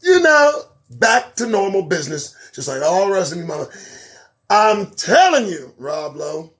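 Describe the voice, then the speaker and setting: A man hosts a live show, reading headlines and mocking them in a sarcastic running commentary. His voice sits high and leaps around wildly. He breaks into laughter between loud bursts and quiet asides. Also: measured pace. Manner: animated, sarcastic, swings between loud outbursts and mutters; laughs a lot between remarks. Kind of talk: live news commentary and riffing.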